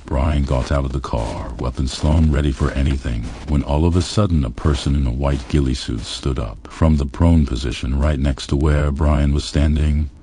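A man reading a novel aloud in a steady, even storytelling manner. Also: extremely low pitch, normal speed, few pauses, breathy edge. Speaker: audiobook narrator. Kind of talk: scripted audiobook narration.

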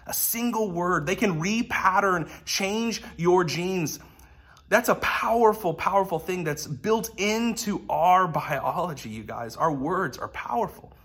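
A man's voice: high voice, animated, a little slow, hardly any pauses, a bit bright, husky. A man in his thirties preaching a sermon in a conversational, earnest way with light humor. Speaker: pastor.

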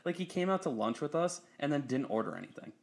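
A man's voice: fairly high pitch, fast talker, creaky. Profane, storytelling young man. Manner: profane storytelling, laughs often, animated when quoting others. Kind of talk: casual chat.

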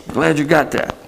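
A male pastor delivering a sermon, moving between casual asides, sudden shouts and slow emphatic stretches. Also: a little high, gravelly, husky, poor audio.

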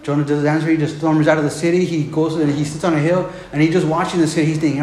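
A man's voice: on the high side, flat delivery, quick pace, darkish tone. A male pastor preaching a Bible sermon in a casual, repetitive way, often saying "man". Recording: roomy room, faint background noise.

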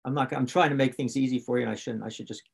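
A man's voice: medium pitch, fairly even intonation, rapid-fire, gravelly, over a noisy crowd. A man from West Virginia, a coach and podcast guest, talking candidly in a rambling, self-correcting way. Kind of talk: candid conversation.

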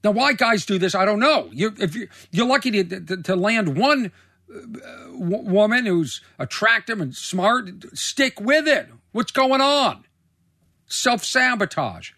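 Animated man mocking a reality show. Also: high-pitched, measured pace, no room sound, clean studio sound. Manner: animated and incredulous, with mocking impressions. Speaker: commentator reacting to a reality show. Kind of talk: casual commentary.

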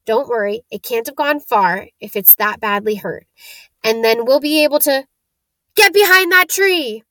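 Gruff, loud giant gamekeeper, rural English dialect, impatient; a woman reads him. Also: on the high side, moderate pace, no echo, studio quality, close to an everyday voice. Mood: wary. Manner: loud, blunt, grumbling.

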